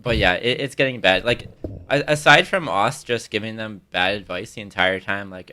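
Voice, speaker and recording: A man's voice: on the low side, expressive, normal speed, sharp tone. A man co-hosting a casual podcast, talking about an anime in a laid-back, sarcastic way and laughing often. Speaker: podcast co-host. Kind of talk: casual chat reviewing anime.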